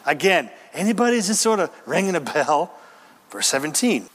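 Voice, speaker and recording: A pastor delivers an emphatic sermon, moving through the text verse by verse and tossing in quick asides. His high voice swings widely in pitch and has a fairly bright tone. The recording is a reverberant church sanctuary with long reverb.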